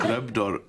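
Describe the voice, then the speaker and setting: An actor playing a teasing, sarcastic middle-aged shopkeeper with a Glaswegian accent, on a noisy sitcom soundtrack. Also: male voice, fairly low pitch. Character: cheeky middle-aged male corner shop owner. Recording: sitcom soundtrack, heavy background noise.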